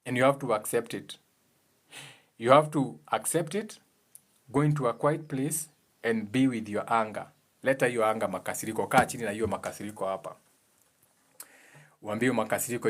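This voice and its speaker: A man with a Kenyan accent speaks in a casual, motivational way. His voice sits at an ordinary male pitch. He explains earnestly and hammers home his points by repeating them. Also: fairly quick, long pauses. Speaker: speaker giving advice on emotions.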